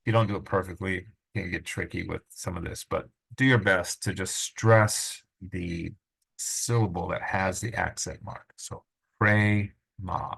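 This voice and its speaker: Low gravelly man teaching Greek sounds. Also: fairly even intonation, a bit bright, rough recording. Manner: patient, informal, sounds out words slowly. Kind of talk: recorded lesson on pronunciation.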